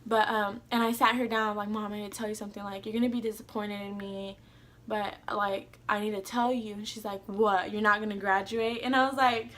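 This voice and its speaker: A woman's voice: medium pitch, fairly even intonation, fairly quick, fairly bright tone. A young woman telling a personal story in a casual vlog, rambling and filling her sentences with "like". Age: young adult. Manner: rambling, heavy use of "like", casual swearing. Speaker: vlogger.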